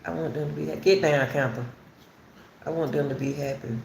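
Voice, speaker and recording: Speaking briskly in a deep, gravelly, slightly mellow voice with a steady tone, this commentary channel host addresses her viewers directly about a case, casually, repetitively and emphatically. Faint background noise and a roomy echo are audible.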